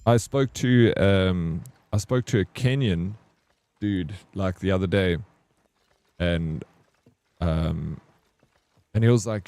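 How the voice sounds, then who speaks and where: A man with a relaxed South African accent chats loosely on a live game stream. His voice sits low and warm. He rambles and restarts his sentences often. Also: takes it slowly, no echo. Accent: English South African. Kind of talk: casual gaming stream chat.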